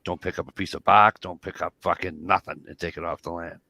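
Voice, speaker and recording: A middle-aged man telling profane, lively stories in casual chat. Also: sits low, a little fast. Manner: profane, animated anecdote telling.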